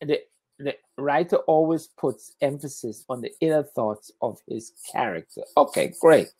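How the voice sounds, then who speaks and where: Tired male English tutor, patient, repeats and rephrases words slowly. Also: medium pitch, a little mellow, breathy edge. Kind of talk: one-on-one English lesson.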